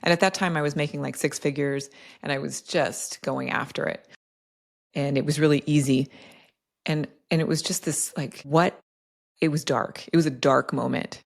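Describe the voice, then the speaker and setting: A woman's voice: sits low, fairly even intonation, normal speed, creaky. A woman guest on a podcast interview, telling personal stories in a reflective, casual way, often adding "like" and "right?". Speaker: podcast guest, health coach.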